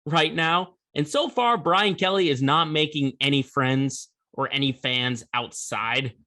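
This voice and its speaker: A man's voice: a little high, unhurried, sharp tone. A man hosting a sports podcast, giving opinionated, conversational commentary with emphatic bursts.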